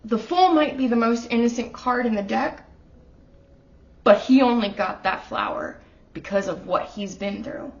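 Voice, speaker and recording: A woman's voice: on the high side, sing-song, measured pace, lo-fi sound. A woman giving a casual tarot reading at home, talking straight to the viewer in an earnest, emotional way. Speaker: tarot reader. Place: her apartment.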